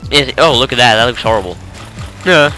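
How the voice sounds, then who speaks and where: A man's voice: medium pitch, fast, sharp tone, soft background music. Tired guy rambling over gameplay. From Norway. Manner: rambling, self-correcting, chuckling. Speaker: let's play gamer. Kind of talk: casual gameplay commentary.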